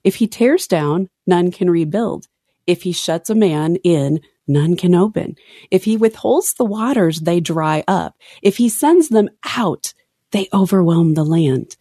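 A woman co-hosts a podcast, chatting casually about a Bible reading in a lowish, unhurried, slightly rough voice. She's expressive, reads scripture aloud, and keeps cutting herself off mid-thought. The studio-quality recording has no room sound.

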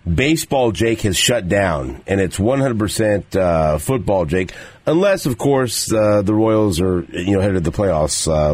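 A man's voice: lowish voice, a little mellow, no room sound. A male sports radio host in casual on-air talk, often stumbling and repeating words as he goes.

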